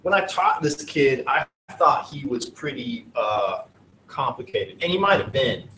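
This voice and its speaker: A man's voice: medium pitch, sing-song, measured pace, bright, forceful tone, a little hiss or hum. Guy teaching a class, jokey and rambly, mic kinda far off, roomy sound. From United States. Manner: chatty, jokey, digressive. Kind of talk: classroom lecture.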